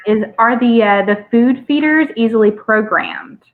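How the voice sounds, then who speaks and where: A woman's voice: fairly high pitch, unhurried. Woman moderator on a tinny line. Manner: hesitant, many fillers. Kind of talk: reading audience questions.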